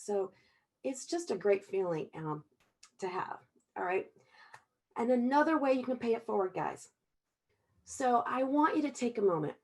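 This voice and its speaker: A middle-aged woman giving a heartfelt motivational sales talk over a video call, chatty and often checking in with "okay?". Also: medium pitch. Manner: chatty, tags sentences with "okay?" and "all right?"; heartfelt, gets emotional at times. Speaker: Tupperware sales consultant presenting to a team.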